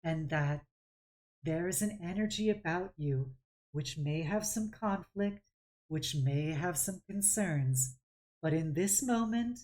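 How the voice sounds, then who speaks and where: A woman voicing a gentle, plant-like female high druid with a super calm, soothing voice in a tabletop game.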